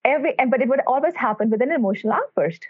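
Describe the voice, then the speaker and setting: A woman cardiologist, guesting on a podcast as a cardiac electrophysiologist, races through her answers in a high-pitched, animated voice with a breathy edge. She's earnest and emphatic, telling stories about patients, over tinny phone-line audio.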